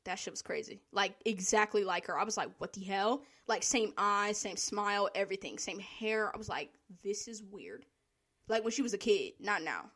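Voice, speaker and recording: A woman's voice: medium pitch, brisk, few pauses. A young woman telling work stories to camera in a casual, profane, laughing rant. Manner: profane, animated, laughing, exasperated. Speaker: vlogger.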